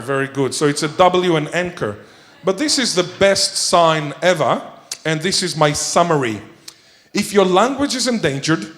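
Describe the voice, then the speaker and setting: A man's voice: on the high side, expressive, a little slow, fairly bright tone. A man giving a conference keynote, playful and jokey, quizzing the audience as he goes. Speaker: keynote speaker.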